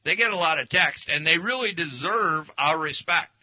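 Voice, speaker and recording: This pastor's voice is fairly high and expressive, moving at a moderate pace as he preaches a casual teaching sermon over slides. He speaks in a folksy, anecdotal style on a dull lo-fi recording.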